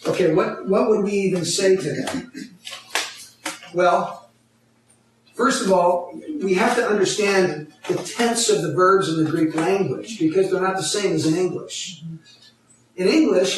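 A man's voice: high-pitched, moderate pace, a little hiss or hum. A man preaching a teaching sermon, explaining a Bible passage step by step and asking his congregation questions. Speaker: pastor. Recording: echoey hall, mic far off.

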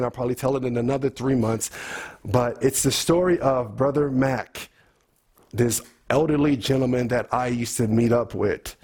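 A man's voice: medium pitch, a little mellow, husky. A man preaching a sermon, teaching through a letter in casual, emphatic speech that repeats words and mixes scripture with everyday talk.

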